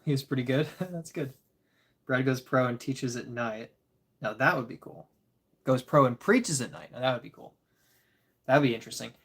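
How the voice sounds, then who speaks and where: A tired man casually chatting with his live-stream audience, chuckling and rambling as he reads the chat. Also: mid-range voice. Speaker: disc golf livestreamer reading chat.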